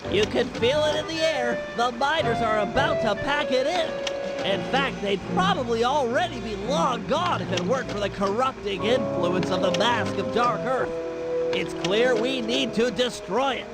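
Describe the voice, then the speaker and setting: A man's voice: extremely high pitch, normal speed. A man voicing a brainy male turtle who lays out a plan in a methodical, explanatory way. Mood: briefing. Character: brainy male turtle planner, nerdy and precise. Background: game music.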